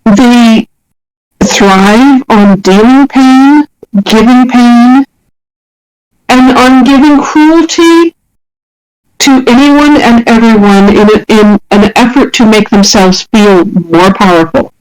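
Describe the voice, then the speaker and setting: A woman's voice: on the high side, takes it slowly, a little mellow, clean tone, low-quality recording. A woman narrating as game master of a tabletop role-playing game. She describes scenes at length and often restarts her phrases. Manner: descriptive, with frequent restarts and fillers.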